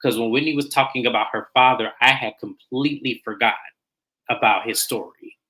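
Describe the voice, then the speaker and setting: Male host for a live recap stream, bright tone, conversational, drops in slang and greets viewers. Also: medium pitch, fairly quick, low-quality recording. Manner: chatty, greets viewers by name, colloquial. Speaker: reality show recap host.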